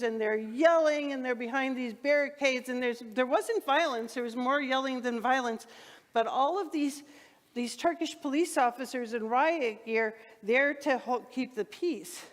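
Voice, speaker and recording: A woman minister telling a personal story in a sermon, acting out the dialogue with lively repeats and restarts. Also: high-pitched. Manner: animated, acts out quoted dialogue. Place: church sanctuary. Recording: long church reverb.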